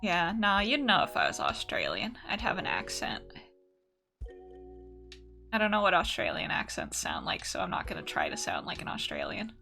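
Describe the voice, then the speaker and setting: A woman's voice: lowish voice, wildly swooping pitch, normal speed, vocal fry, pushed and bright, faint music behind. A young woman from the United States chatting casually and profanely while answering chat on an art stream.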